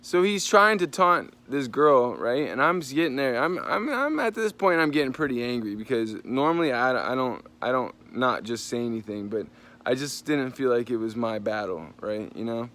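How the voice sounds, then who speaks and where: A man's voice: mid-range voice, animated, moderate pace, a bit bright. A man telling a story in a casual, profane vlog rant. He talks with animation and often jumps into voices to quote people. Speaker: vlogger.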